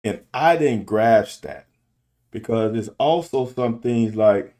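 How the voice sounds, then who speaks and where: A man's voice: medium pitch, slow, warm tone. A middle-aged man and football coach talking candidly in a casual monologue, restarting and repeating himself to make his point. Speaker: football coach and show host. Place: car.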